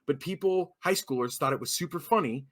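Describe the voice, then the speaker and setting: A young man with a fairly high voice talks briskly on a laid-back podcast, spinning a story full of profanity. He's an animated storyteller who acts out what people said, and it's casual chat throughout.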